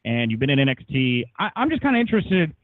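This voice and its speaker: A man's voice: mid-range voice, very animated, fast, dry recording. A man, a wrestling reporter, calling in to ask questions on a conference call in a friendly, bantering tone over the phone. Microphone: telephone. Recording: dry, tinny phone line.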